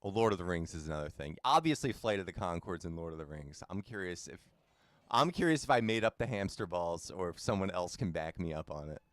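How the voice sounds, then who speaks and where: A man's voice: low-pitched, expressive, brisk, no room sound. A young man casually chatting with his viewers while streaming a video game, laid-back and talkative. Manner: chatty, laid-back, talks to chat by name. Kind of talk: casual live-stream chat.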